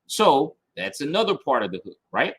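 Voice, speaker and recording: A man running a casual online training, his voice husky and a touch higher than most. His delivery is lively and swings up and down as he reads passages aloud, stresses key lines twice and keeps asking "right?". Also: moderate pace. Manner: emphatic, repeats key points, keeps checking in with "okay?" and "right?"; reads review passages aloud and then picks them apart. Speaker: marketing instructor.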